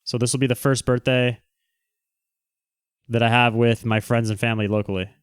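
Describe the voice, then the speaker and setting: A man's voice: medium pitch, fairly even intonation, normal speed, clean tone, dry recording, clean studio sound. A man hosting a casual livestream, reading the chat aloud and answering in a brash, teasing, joking way. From Southern California.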